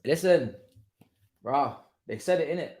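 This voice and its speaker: A young man hosting a live football watchalong, talking in an excitable, slangy way, laughing often and swinging from loud outbursts to quiet asides. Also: a little high, a little slow. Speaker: livestream watchalong host.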